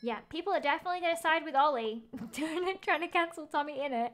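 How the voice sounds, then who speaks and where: A woman's voice: sits high, fairly quick, fairly bright tone. A woman game streamer chatting casually as she plays, thinking aloud, gasping at finds and reading chat messages.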